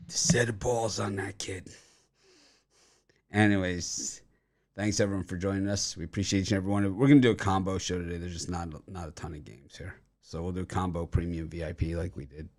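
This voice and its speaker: A man's voice: low voice, fairly even intonation, fairly quick, darkish tone. A man hosting a sports betting picks show, talking loosely with lots of fillers and restarts while recovering from dental surgery. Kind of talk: casual chat.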